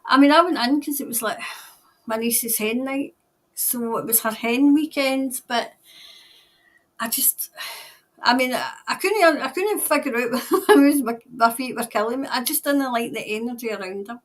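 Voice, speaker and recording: A woman's voice: on the high side, moderate pace. A Scottish woman hosting a tarot livestream, chatting casually and ramblingly with viewers while tired.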